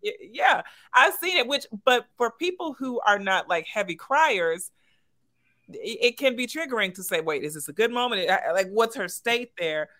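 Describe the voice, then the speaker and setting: A woman hosting a podcast conversation, reflecting in a warm, emphatic way and drawing on faith. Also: a little high, animated, moderate pace. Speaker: host.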